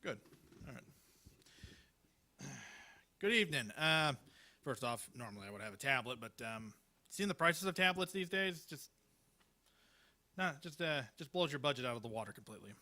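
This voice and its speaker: A man's voice: mid-range voice, animated, normal speed, long pauses, bright, forceful tone. A man performing at an open mic, reading Halloween one-liners in a hesitant, rambling way full of fillers and restarts. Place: small live venue.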